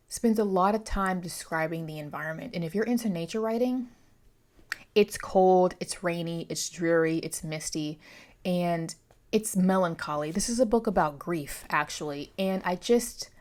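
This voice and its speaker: A woman's voice: on the low side, darkish tone. A young woman in a casual chat about books, rambling and correcting herself as she goes. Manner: chatty, rambling, self-correcting. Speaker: book vlogger.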